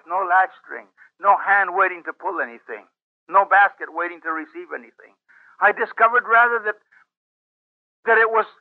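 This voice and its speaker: Very high-voiced man, impassioned testimony. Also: no room sound. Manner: emotional, pleading, acts out his own past prayers. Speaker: preacher giving a personal testimony. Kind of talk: dramatic spoken testimony. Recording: dull lo-fi dry recording.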